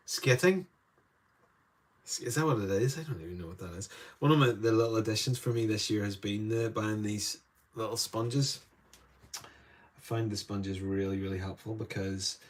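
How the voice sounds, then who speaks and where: An Irish man teaching watercolour live, chatting to viewers with rambling asides while he paints in a studio. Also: on the low side. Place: indoor art studio.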